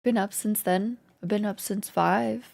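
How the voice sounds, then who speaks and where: A woman streamer chatting casually with her viewers, greeting them and laughing often, her voice slightly hoarse. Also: medium pitch, fairly even intonation, a little slow, a little mellow, no room sound, studio quality. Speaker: live streamer. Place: home in Canada.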